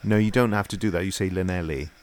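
A man's voice: lowish voice, steady tone, racing, a little hiss or hum. A man, an actor, chatting in improvised comedy, rambling and self-important, full of hesitations.

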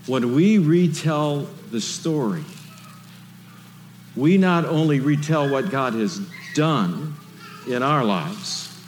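A pastor preaches in a lively, conversational style, packing his sermon with rhetorical questions. His voice sits at medium pitch, and the recording has a big-room sound with a faint hiss or hum.

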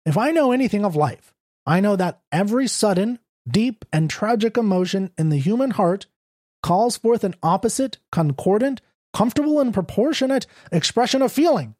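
Man voicing a lofty, lecturing editor, warm dark tone, dry close sound, storybook. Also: high-pitched, expressive, moderate pace, dry recording, voice pushed up. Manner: lofty, oratorical. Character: pompous, self-assured male magazine editor.

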